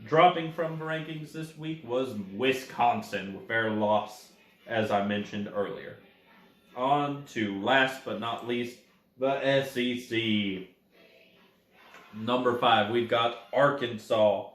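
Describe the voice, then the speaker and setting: A man's voice: medium pitch, slow pace. Guy ranking football teams, chatty, talks to the teams, takes his time, roomy echo. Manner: chatty, addresses teams directly, corrects himself. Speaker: college football ranking host. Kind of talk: casual sports commentary.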